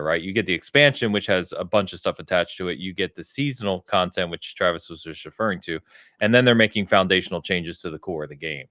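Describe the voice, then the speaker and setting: A man co-hosting a gaming podcast in casual chat, enthusiastic and quick to laugh, with plenty of fillers. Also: low voice, fairly bright tone, dry recording, lo-fi sound. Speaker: podcast co-host.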